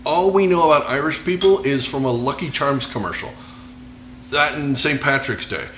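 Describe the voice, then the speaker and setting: A man's voice: medium pitch, normal speed, fairly bright tone, echoey room, a little hiss or hum. An American man hosting a cooking show, talking casually through a recipe with rambling, self-mocking jokes. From United States. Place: kitchen.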